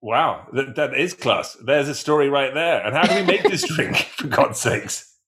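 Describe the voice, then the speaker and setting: A man's voice: medium pitch, moderate pace. A man hosting a casual chat, teasing his co-host and introducing a guest. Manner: teasing, animated. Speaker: podcast host.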